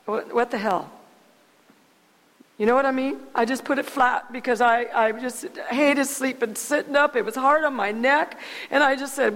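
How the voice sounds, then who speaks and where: A woman with a somewhat high voice tells her personal faith story, halting and earnest and often circling back on her words. Her voice rings out with a long reverb, as if she is speaking in a large hall. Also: fairly bright tone. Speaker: guest sharing testimony.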